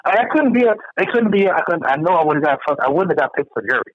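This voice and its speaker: A man's voice: a little high, big pitch swings, very fast, highs cut off. A man in casual podcast chat, ranting with heated, profane outrage.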